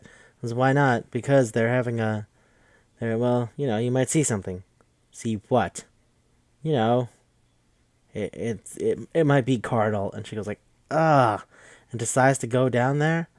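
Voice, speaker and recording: Podcast host, young man, mid-pitch, rambling recap voice, jumps high when quoting characters, dry close mic. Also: darkish tone, dry recording. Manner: rambling, acts out quotes with shifting pitch. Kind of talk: casual movie recap.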